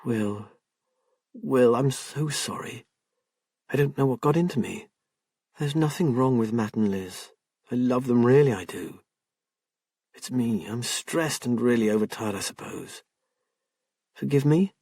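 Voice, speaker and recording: A man's voice: mid-range voice, expressive, measured pace, pauses often, husky, no room sound, clean studio sound. A man voicing a stressed, overworked woman who snaps impatiently and then breaks down, in an audiobook. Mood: contrite. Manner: sharp and impatient, turning tearful. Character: tense overworked woman artist, snappish.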